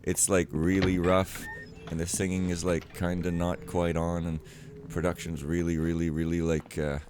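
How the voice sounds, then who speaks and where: A man's voice: deep voice, level tone, moderate pace, a little mellow. A man giving casual gameplay commentary, rambling and cutting himself off as he rants. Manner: rambling, self-interrupting, ranting. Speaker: let's player.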